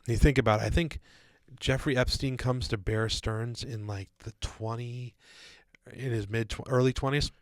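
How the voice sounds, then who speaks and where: Casual male podcast co-host with a mid-pitched voice, rambling with lots of fillers, dry recording. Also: fairly even intonation, normal speed, no echo. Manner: casual, calls listeners "guys" and "dude".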